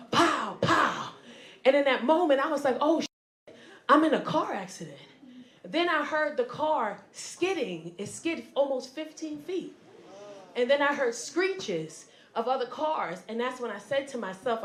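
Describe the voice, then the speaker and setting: Animated high-voiced woman comedian on stage. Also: a little slow, reverberant. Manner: animated, acts out voices and shouts. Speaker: stand-up comedian. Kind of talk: stand-up storytelling.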